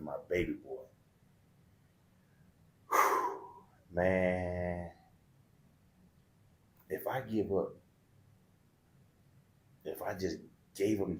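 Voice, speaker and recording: Candid low-voiced man, roomy sound. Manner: candid, colloquial, emotional. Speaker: podcast guest. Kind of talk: heartfelt personal storytelling. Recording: roomy echo.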